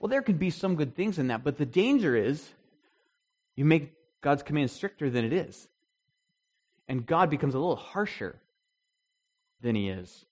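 A man's voice: a little high, very animated, normal speed, pauses often. A man leading an interactive Bible study, talking conversationally, putting questions to the group and restarting his sentences often.

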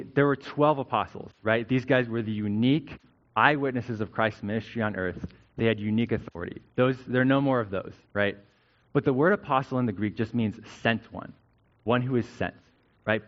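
A man's voice: mid-range voice, lo-fi sound. A male pastor giving a conversational sermon, often checking in with "right?" as he teaches.

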